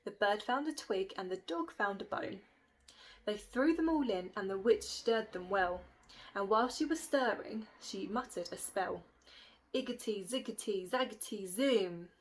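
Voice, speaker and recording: A woman's voice: mid-range voice, expressive, unhurried, low-quality recording. A woman reading a rhyming children's picture book aloud with a lilting rhythm. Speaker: storybook reader.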